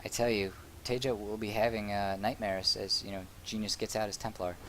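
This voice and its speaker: A man's voice: fairly low pitch, level tone, a little fast, a bit bright, a little hiss or hum. A man giving solo play-by-play commentary on a strategy game, tired and yawning late at night, his voice lifting when the fights break out. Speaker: esports caster.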